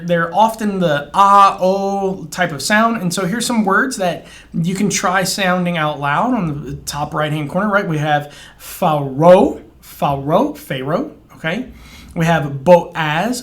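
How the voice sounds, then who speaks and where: A man's voice: sits high, fairly bright tone. Man drawling out Hebrew sounds in a lesson. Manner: repeats and drawls out words to model pronunciation, checking with "okay?"; encouraging, informal, restarts and fillers. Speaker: Biblical Hebrew teacher. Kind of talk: casual spoken lesson.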